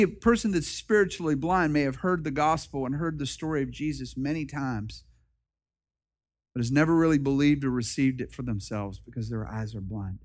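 A male pastor preaching a sermon in an impassioned, repetitive style that rises and drops. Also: medium pitch.

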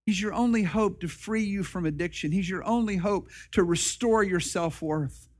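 A man's voice: sits high, normal speed. A male pastor preaching a sermon in an impassioned, repetitive style that rises and drops.

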